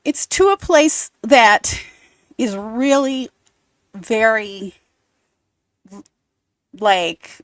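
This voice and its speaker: A woman's voice: fairly high pitch, lively intonation, extremely slow, long pauses, dry recording. A woman co-hosting a football podcast in casual chat, chatty, laughing often and trailing off mid-thought. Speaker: podcast co-host.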